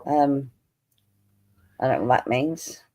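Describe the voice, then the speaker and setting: A woman's voice: low-pitched, big pitch swings, normal speed. A woman hosting a casual stream chat, reading out viewer comments and talking frankly with plenty of swearing and giggles. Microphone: home streaming mic.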